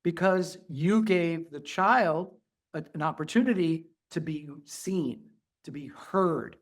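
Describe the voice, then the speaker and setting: Middle-aged man, pediatrician guest, earnest, a touch higher pitched, drops to soft soothing asides. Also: takes it slowly. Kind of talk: conversational interview.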